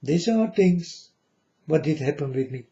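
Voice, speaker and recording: A man in a rambling monologue to his viewers, earnest and repetitive, with halting non-native phrasing. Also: fairly high pitch, expressive, gravelly, mellow, dull audio. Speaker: vlogger addressing viewers.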